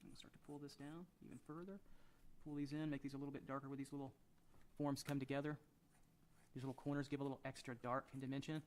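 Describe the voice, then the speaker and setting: Quick-talking man teaching drawing. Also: mid-range voice, a little hiss or hum. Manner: relaxed, thinking aloud while sketching, often trailing off quietly. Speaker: drawing instructor.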